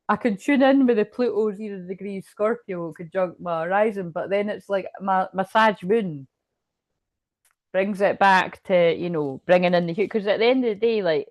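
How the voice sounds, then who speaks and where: Her voice sits in the mid range, and there's no room sound. She's a psychic medium giving a relaxed tarot reading, chatting in a rambling, self-interrupting way with lots of laughs and some hiccups.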